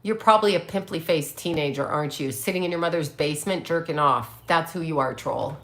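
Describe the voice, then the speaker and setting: A woman in her late fifties talks straight to her livestream viewers, blunt, brash and quick to swear at commenters. Her voice is bright and forceful, sitting a little low for a woman. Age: 50s. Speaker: psychic medium livestream host. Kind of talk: casual livestream chat reading comments.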